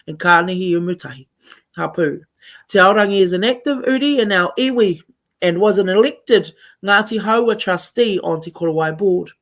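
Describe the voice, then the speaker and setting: Effusive New Zealand woman radio host. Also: mid-range voice. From Taranaki, New Zealand. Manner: effusive, switches between Māori and English. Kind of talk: live community radio chat.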